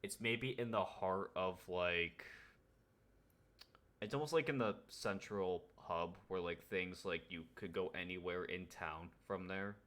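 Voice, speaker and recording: Very low-voiced young man narrating a game. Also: unhurried, a bit bright. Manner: hesitant, many fillers and restarts. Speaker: game master.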